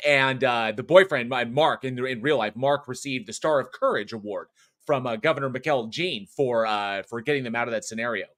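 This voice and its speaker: In a mid-range, somewhat bright voice that runs a little fast, a man co-hosting a horror podcast chats casually about a film. He rambles, curses frequently, and restarts his thoughts with lots of fillers.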